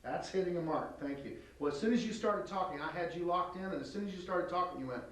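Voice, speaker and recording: A man's voice: on the high side, quick pace, a bit bright. A man coaching an actress through an audition tape, blunt and direct, acting out lines as he goes. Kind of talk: coaching an actor at an audition taping. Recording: echoey room, mic far off, faint hiss.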